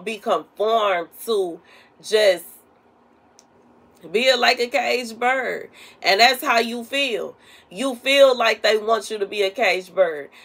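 A woman delivers a prophetic message as casual, everyday talk. She rambles and circles back, filling her speech with conversational asides. Her pitch sits in the middle range. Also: a bit bright. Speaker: prophetic minister.

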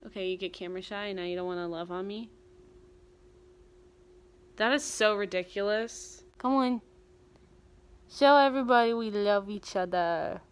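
A woman's voice: medium pitch, normal speed, pauses often, smooth. A young woman vlogging at home, teasing her cat in a playful, cooing baby-talk voice. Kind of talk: casual home vlog.

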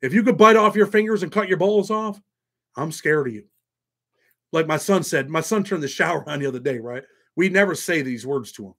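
A man's voice: a little high, expressive, a bit bright. Chatty man hosting a live stream. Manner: rambling, profane, quick asides, reads donations aloud. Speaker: livestream host telling prison stories. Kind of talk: casual live chat with viewers.

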